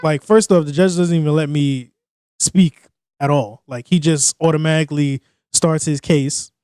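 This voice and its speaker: A man's voice: a little high, fairly even intonation, moderate pace, darkish tone, clean tone. A man, co-hosting a podcast, telling a story in a laid-back, slangy way and often chuckling. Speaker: podcast co-host. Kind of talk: casual comedic storytelling.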